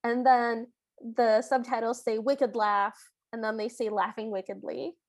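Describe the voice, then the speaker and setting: A woman's voice: a little high, steady tone, a little slow, no echo. A woman co-hosting a podcast, retelling movie scenes in a chatty, amused way. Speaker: podcast co-host. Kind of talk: casual movie recap chat.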